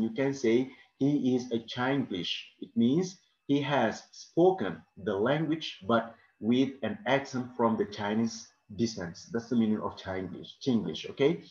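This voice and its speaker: Man teaching vocabulary, echoey room. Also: mid-range voice. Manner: explains slowly with frequent "okay?" checks. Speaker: English teacher. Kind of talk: classroom vocabulary lesson. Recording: echoey room, dull lo-fi sound.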